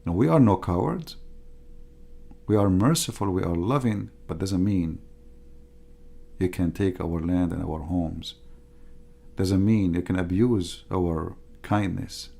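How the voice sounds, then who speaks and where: A man's voice: deep voice, slow pace, vocal fry, long pauses, dark tone. A middle-aged man giving an emphatic, repetitive livestream monologue as a religious debater, in non-native grammar.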